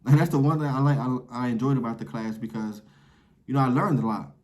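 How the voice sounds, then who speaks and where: A man's voice: medium pitch, fairly even intonation, fast, a little mellow. A young man casually telling a personal story in a loose, rambling way, full of fillers and swearing.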